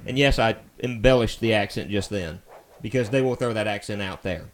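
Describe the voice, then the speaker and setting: A man's voice: fairly low pitch, a little fast, slight background noise. A man from Alabama with a mild Southern US accent, chatting in a rambling, easy-going way while live-streaming a video game. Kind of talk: casual live-stream chat while playing.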